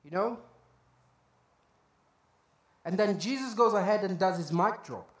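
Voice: medium pitch, measured pace. A pastor preaching a sermon in a church hall, talking conversationally with asides and acting out short quotes. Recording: echoey room.

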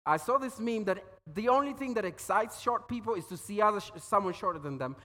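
A man's voice: high voice, expressive, fairly quick, bright, forceful tone. A man preaching a sermon, telling stories and acting out quoted voices, often repeating words as he goes. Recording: long hall reverb.

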